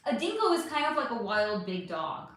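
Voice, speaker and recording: A woman hosts a casual livestream, reading out viewer questions and answering them. Her voice sits high and swoops around a lot, and she talks straight to her viewers with plenty of emphasis. The sound bounces around a very echoey room. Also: sing-song, moderate pace, a bit bright.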